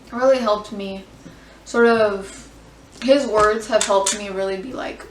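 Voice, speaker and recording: A young adult woman chatting candidly in a casual reaction vlog, expressive, swearing freely and filling with "like". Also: medium pitch, measured pace, slight background noise. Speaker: vlogger. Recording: roomy sound, mic at a distance.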